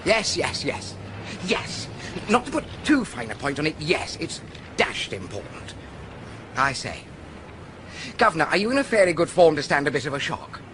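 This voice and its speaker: A man's voice: on the high side, sing-song, normal speed, long pauses, noisy background. An actor playing a nervous, bumbling young aristocratic Englishman in a radio drama. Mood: flustered. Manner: blustering, hesitant, slangy.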